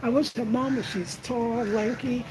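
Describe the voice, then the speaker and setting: A middle-aged woman hosting a casual livestream, telling lively stories to her viewers and laughing often. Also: on the high side, a little slow, background noise. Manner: animated storyteller, laughs often, addresses viewers as y'all. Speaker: host of a home design channel.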